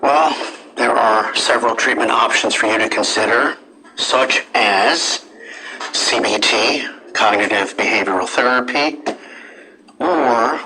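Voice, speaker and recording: An actor playing a doctor who calmly explains a diagnosis and treatment options. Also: male voice, fairly low pitch, background noise, close to an everyday voice. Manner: measured, explanatory. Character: calm professional male doctor.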